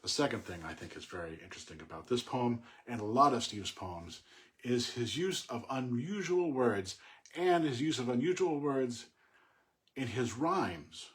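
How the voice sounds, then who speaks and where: A middle-aged man talking casually about a poem he admires, thoughtful and halting, with many fillers and restarts. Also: mid-range voice, animated, a bit bright. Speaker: poet discussing a poem. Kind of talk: casual spoken commentary on poetry.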